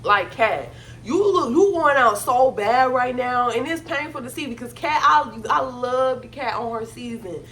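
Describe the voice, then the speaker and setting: A woman's voice: on the high side, lively intonation, unhurried, a bit bright. A woman casually recapping a reality show episode, talking bluntly with slang and plenty of profanity.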